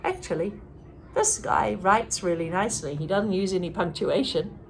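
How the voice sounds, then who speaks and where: A woman reading a novel aloud in a lively way, stopping now and then to comment. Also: on the low side, moderate pace, a faint crowd, slight background noise. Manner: reads in a lively way, stops to comment. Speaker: reader.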